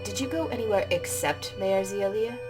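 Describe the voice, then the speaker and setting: A woman voicing a stern, impatient older woman professor who asks sharp, demanding questions. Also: medium pitch, moderate pace, over music, lightly acted, rough recording.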